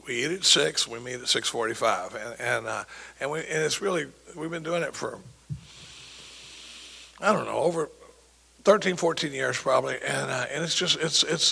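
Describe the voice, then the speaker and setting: A man's voice: fairly high pitch, creaky, pushed and bright, breathy edge, poor audio. A man speaking as a recovery sponsor, telling rambling stories with quoted dialogue and many false starts. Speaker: recovery sponsor sharing at a meeting. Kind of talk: rambling anecdotal talk.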